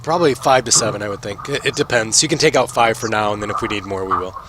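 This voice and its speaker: A man acting as game master for a tabletop game, talking in a relaxed, halting way with lots of fillers. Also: on the low side, background noise.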